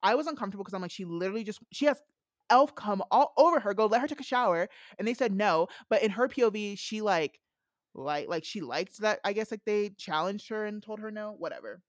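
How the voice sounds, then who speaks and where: Brief: young woman co-host, crude and amused, dry close sound, mid pitch. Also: lively intonation, fairly quick, no room sound. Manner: frank, crude, amused, many "like" fillers. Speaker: podcast co-host recapping a novella. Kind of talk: casual chat, reading quotes aloud.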